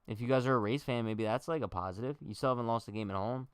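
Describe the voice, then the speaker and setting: A man's voice: mid-range voice, fast talker, clean tone, dry recording, studio quality. A young man hosting a casual baseball livestream, chatting and joking straight to his viewers. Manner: chatty, jokey, talks to chat directly.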